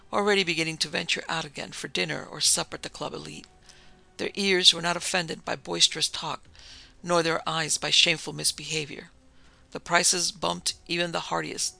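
A man narrating a pulp crime story in a steady, plain storytelling manner. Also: a little high, gravelly.

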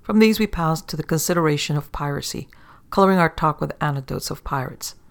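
A man narrating an old sailor's yarn aloud in a steady storytelling manner. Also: on the high side, brisk.

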